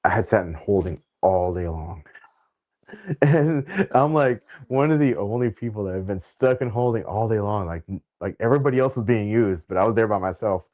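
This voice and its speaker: A man hosting an interview, chatting casually and easygoingly, laughing readily with halting fillers. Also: fairly low pitch, lively intonation, a little mellow. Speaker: interview host.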